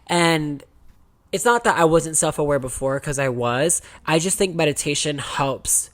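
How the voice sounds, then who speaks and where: A woman's voice: low-pitched, expressive, measured pace. A young adult woman talking casually to the camera in a candid diary-style confession, chatty and frank, swearing freely. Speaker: vlogger.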